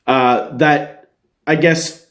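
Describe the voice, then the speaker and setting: A man hosting a podcast, giving a casual spoiler-filled movie recap, excitable and swearing freely as he talks straight to his viewers. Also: fairly high pitch, extremely slow. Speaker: podcast host. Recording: roomy echo.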